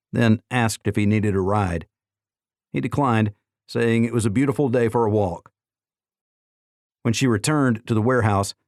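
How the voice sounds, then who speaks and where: A man reads an audiobook in a steady, even way. His voice sits on the low side. The recording is dry and close. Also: no echo. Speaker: audiobook narrator. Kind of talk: scripted audiobook narration.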